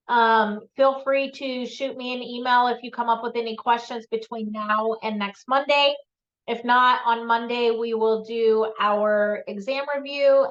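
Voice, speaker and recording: A woman's voice: fairly high pitch, a bit bright. A woman math instructor giving classroom announcements, with frequent ums, checking in with "okay?". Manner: frequent ums, repeats key points with "okay?". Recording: dull lo-fi lecture recording.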